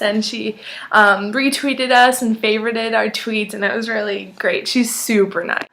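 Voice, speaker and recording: Chatty teenage woman telling a story. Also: on the high side. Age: young adult. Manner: chatty, excitable, lots of "like" and acted-out quotes. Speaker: vlogger. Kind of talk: casual storytelling.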